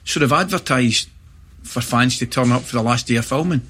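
A middle-aged Scottish man chatting as a guest, spinning animated anecdotes. His voice is bright and forward with a husky edge. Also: medium pitch, brisk. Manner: animated anecdotes with laughter and acted-out shouts. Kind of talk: storytelling in casual chat.

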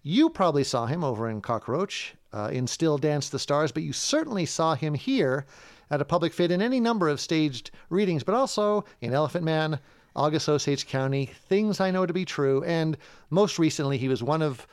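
A man's voice: fairly high pitch, expressive, normal speed, clean tone, no echo, clean studio sound. A man hosting a casual conversation, introducing guests in a chatty way. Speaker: host. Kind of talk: casual chat.

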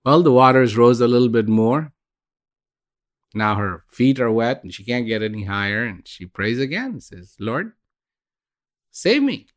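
A man's voice: medium pitch, normal speed. An older man telling a parable and reflecting, with frequent restarts. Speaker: speaker and podcast host. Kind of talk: storytelling talk on inner life.

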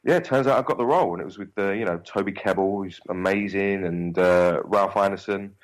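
A man's voice: low voice, a little fast, poor audio. A young man with a Cockney accent, an actor chatting as an interview guest, rambling and swearing freely. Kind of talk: casual interview chat.

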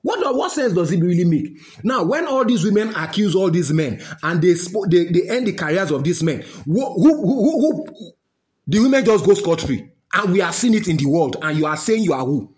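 Indignant high-voiced Nigerian man. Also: very animated, normal speed, a little mellow. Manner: indignant, repeated rhetorical questions. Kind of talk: opinion rant.

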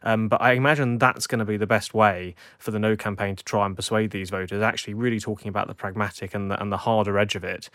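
A male analyst talks through political findings at a rapid clip, leaning on small fillers as he goes. His voice sits low, and the recording is dry with no room sound. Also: steady tone, a bit bright, dry recording. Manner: fast, articulate analysis with fillers. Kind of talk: studio news discussion.

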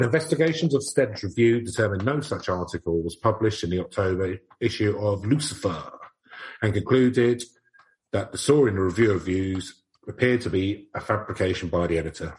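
Man with a lowish voice, joking podcast host. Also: lively intonation, fairly quick, darkish tone. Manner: reads aloud from an old article in a mock old-fashioned voice. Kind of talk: casual comedy podcast chat.

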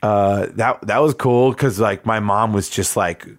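Low-voiced reflective man from Wisconsin. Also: dry recording, studio quality. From Wisconsin, USA. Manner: reflective, halting, many fillers. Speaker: interview guest. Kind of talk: conversational storytelling.

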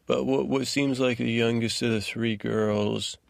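A man's voice: medium pitch, fairly even intonation, unhurried, gravelly, no echo. A man hosting a sleep podcast, giving a meandering, rambling bedtime recap that drifts off track. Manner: rambling, digressive, trailing off.

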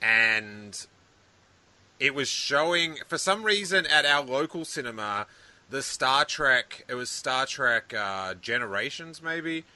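A man co-hosting a podcast, telling rambling, animated stories in casual chat with many restarts. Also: mid-range voice, slow pace, no room sound. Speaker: podcast co-host.

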